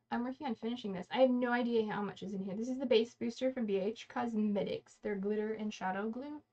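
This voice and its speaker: A woman with a slightly high voice chats through her makeup routine on a casual livestream. She rambles, trips over words and corrects herself as she goes. The sound is a little dull and lo-fi. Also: quick pace, hardly any pauses, a little mellow. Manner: chatty, rambling, self-correcting. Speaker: beauty livestream host. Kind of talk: casual get-ready-with-me livestream chat.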